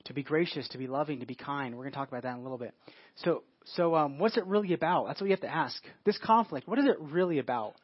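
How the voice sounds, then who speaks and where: Fast-talking preacher with a dull, dry sound. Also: male voice, on the high side, expressive, slightly rough, no room sound. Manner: informal, restarts phrases, asks the listeners questions. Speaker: pastor. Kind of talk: conversational sermon.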